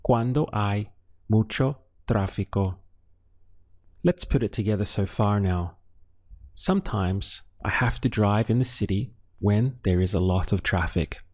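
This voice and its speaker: A man teaching a language lesson step by step, patiently asking questions, pausing for answers and sounding out syllables. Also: on the low side, lively intonation, a little mellow. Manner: patient, asks questions then pauses for answers; spells out syllables slowly. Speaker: Spanish teacher.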